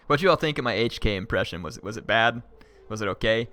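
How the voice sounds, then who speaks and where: A man live-streaming a strategy game, excitably yelling orders at his units and chatting with viewers. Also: mid-range voice, brisk.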